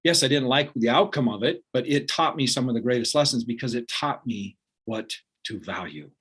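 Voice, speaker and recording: A man's voice: mid-range voice, animated, normal speed, fairly bright tone, breathy edge. A man giving a motivational talk, earnest and conversational, often checking in with his audience. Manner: earnest, peppered with "right?" and "like". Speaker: motivational speaker.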